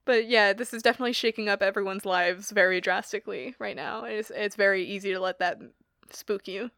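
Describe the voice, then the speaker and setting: A woman's voice: mid-range voice, steady tone, fairly quick, fairly bright tone, no room sound, studio quality. A young woman chatting casually, rambling with many fillers and frequent laughter. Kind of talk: casual chat.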